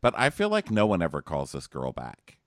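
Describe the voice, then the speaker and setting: A man co-hosting a casual chat about a TV show, acting out the people in it with sudden high voices. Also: brisk, no echo, clean studio sound. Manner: animated, acts out people in shrill falsetto quotes. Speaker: podcast co-host.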